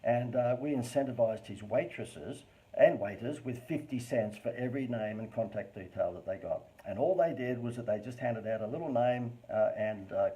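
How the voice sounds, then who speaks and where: An Australian man presents marketing advice on a live stream in a mellow, warm-toned voice. His inflection is animated and over the top, broken up by chatty, informal asides. His voice sits at an ordinary middle pitch. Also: rough recording. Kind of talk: live-streamed business talk.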